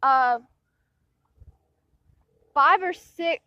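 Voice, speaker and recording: A woman's voice: high voice, very slow, no room sound. A young woman telling a rambling personal story to the camera, often restarting her sentences and getting indignant. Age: young adult. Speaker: vlogger. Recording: dull, muffled lo-fi sound.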